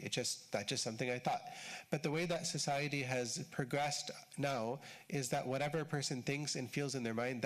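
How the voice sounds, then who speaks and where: A man giving a conversational religious lecture at a mosque, explaining in short repeated phrases with casual fillers. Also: mid-range voice. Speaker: shaykh giving a mosque talk.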